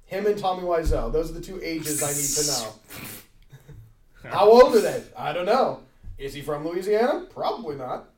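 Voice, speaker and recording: A man's voice: fairly high pitch, expressive, normal speed, pauses often, recorded from a distance, crowd noise. A man co-hosts a podcast chat with a dry, sarcastic edge and casual swearing. He sits back from the mic, so his voice carries the echo of the room. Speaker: podcast co-host. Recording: roomy, away from the mic.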